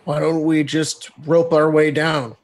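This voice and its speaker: A man's voice: a little high, level tone, a little slow. A man playing a tabletop game, playful and teasing toward another character. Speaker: player. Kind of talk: in-character play.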